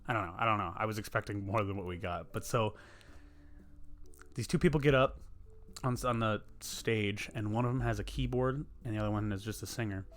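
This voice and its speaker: A man's voice: fairly low pitch, fairly quick, soft background music. Rambling, profane young man. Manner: profane, rambling, animated storyteller. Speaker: podcast host. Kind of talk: casual storytelling chat.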